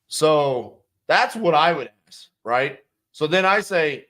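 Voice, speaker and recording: A man's voice: a little high, expressive, slow, a bit bright. A man coaching sales who breaks down a calling script bluntly and emphatically, with some profanity. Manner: acts out both sides of phone calls. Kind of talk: instructional commentary on a sales script.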